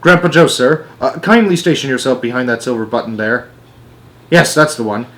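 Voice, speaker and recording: A man voicing an eccentric, excitable male chocolatier who pilots a flying elevator, talking briskly and theatrically. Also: medium pitch, lightly acted.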